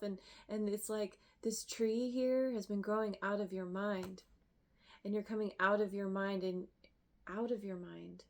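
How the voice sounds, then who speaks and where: Slow, emotional woman tarot reader. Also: medium pitch, steady tone. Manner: emotional, effusive, halting with restarts and laughs. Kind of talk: tarot reading to camera.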